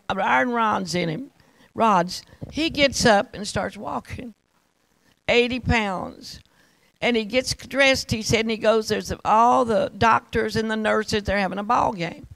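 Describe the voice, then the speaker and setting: A woman's voice: fairly high pitch, gravelly, a bit bright, no room sound, low-quality recording. A woman preacher telling a testimony in a rambling, fervent sermon that repeats itself.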